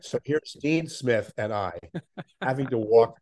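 An older man, a veteran sports interviewer, telling animated anecdotes as a podcast guest. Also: mid-range voice, measured pace. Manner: animated anecdotes, puts on voices of others. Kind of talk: conversational storytelling.

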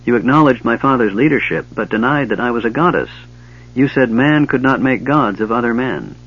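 A man voicing a proud tribal chieftain's daughter who speaks softly, earnestly and formally, in a dull lo-fi recording. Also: medium pitch, expressive, a little fast, husky. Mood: tender. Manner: soft, earnest, formal speech.

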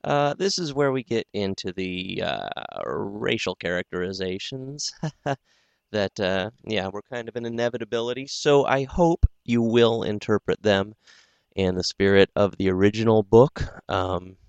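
A man hosting a podcast and reading a book aloud, in a dry, self-deprecating way with casual pauses. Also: on the low side, creaky, smooth, no echo, highs cut off. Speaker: podcast host and audiobook reader. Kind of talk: casual audiobook narration.

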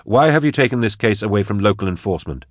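Brief: man doing a testy aging scholar, pitched up, quick and indignant, audiobook. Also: animated, no echo, studio quality. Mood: irritated. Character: prickly aging male biologist scholar, defensive. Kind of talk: audiobook narration.

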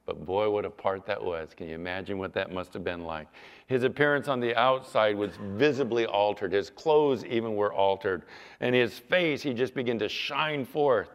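A male pastor preaching a sermon, animated, sometimes mimicking whiny apologies in a raised voice. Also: on the low side, normal speed. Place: church sanctuary. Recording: long church reverb.

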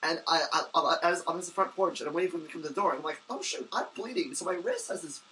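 A young man co-hosting a podcast, telling a story in casual chat with excitable rambling and many restarts. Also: on the high side, rapid-fire, far from the mic, a little hiss or hum, low-quality recording. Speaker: podcast co-host.

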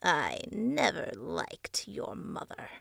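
A woman's voice: lowish voice, huge pitch swings, takes it slowly, gravelly, fairly bright tone, slightly rough, dry recording, clean studio sound, heavily acted. A woman voicing a grotesque, greedy old man's face that leers and growls demands. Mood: sneering.

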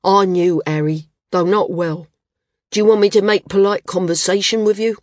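A woman voicing a huge, hostile man who rumbles his blunt words. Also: steady tone, moderate pace, no room sound, studio quality, lightly acted.

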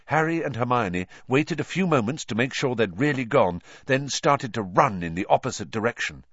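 A man narrating an audiobook in a lively, dramatic reading style, putting on character voices. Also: medium pitch, normal speed, slightly rough, dry recording, highs cut off.

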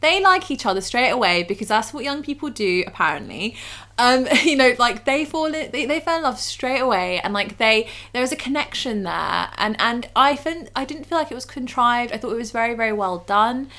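Lively British female co-host, slightly high voice, enthusiastic and chatty. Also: a little fast. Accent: British English. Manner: enthusiastic, laughs often. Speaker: podcast co-host. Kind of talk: casual chat about a game.

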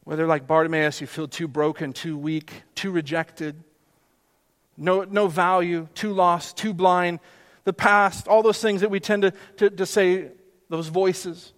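High-voiced pastor preaching in a reverberant hall. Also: male voice, fairly even intonation, unhurried. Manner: earnest, with sudden soft hushed drops for emphasis. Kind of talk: sermon.

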